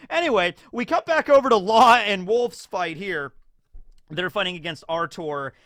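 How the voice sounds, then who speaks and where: Chatty guy hosting a discussion show, kinda high voice, dry close sound, tons of fillers. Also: normal speed, no room sound. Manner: animated, acts out scenes in character voices; chatty, lots of fillers like "like" and "you know". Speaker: YouTube host. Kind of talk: casual anime discussion.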